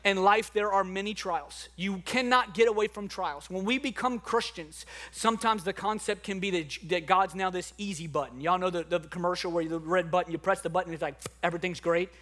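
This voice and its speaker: A male pastor preaching a conversational sermon, energetic with bursts of excitement. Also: sits high, a little fast, hardly any pauses.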